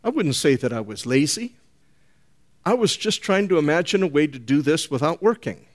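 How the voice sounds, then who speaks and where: A man's voice: on the high side, big pitch swings, moderate pace. A man preaching a sermon, speaking to his congregation with folksy, teasing asides. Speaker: pastor.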